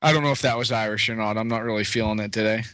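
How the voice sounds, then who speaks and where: A man's voice: lowish voice, very fast, a bit bright, no echo. A man chatting on a casual podcast, making dry, wry remarks. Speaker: podcast co-host.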